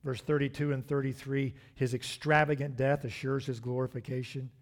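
A man, middle-aged, preaching a sermon, swinging from loud emphatic lines to hushed, drawn-out asides. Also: mid-range voice, level tone. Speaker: pastor.

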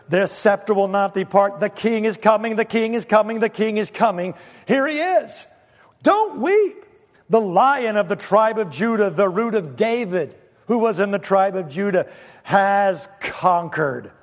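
Casting: male pastor, scratchy throat, high voice, emphatic sermon delivery, long church-hall reverb. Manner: animated, emphatic preaching with sudden loud exclamations.

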